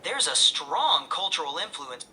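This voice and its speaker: This is an artificial woman's voice speaking as a chat assistant. It sounds bright and crisp, and the pitch moves in a lively way. It stays cheerful and eager, with a faint hiss in the background. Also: measured pace. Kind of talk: upbeat assistant replies.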